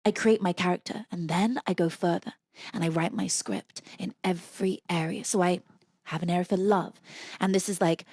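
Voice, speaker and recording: A woman's voice: on the low side, steady tone, normal speed, a little mellow, husky, dry recording, clean studio sound. A woman talking earnestly and enthusiastically as a guest in a casual interview. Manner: earnest, enthusiastic, self-referential.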